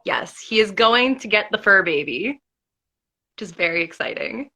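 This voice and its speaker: A woman's voice: mid-range voice, lively intonation, moderate pace, sharp tone. A woman hosting a casual livestream interview, chatty and upbeat. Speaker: interview host.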